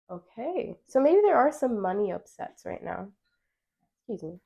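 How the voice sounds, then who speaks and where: A woman with a mellow voice and a gravelly fry runs a pick-a-card tarot reading. She speaks straight to her viewers, chatty and encouraging, and reads out card meanings as she goes. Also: mid-range voice, normal speed, highs cut off. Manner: addresses viewers directly. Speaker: tarot reader.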